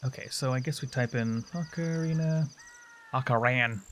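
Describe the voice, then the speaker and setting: The voice is a man's, medium in pitch, a bit bright, at normal speed, with slight background noise. He streams a video game from home and rambles, chatting casually with viewers over the game music.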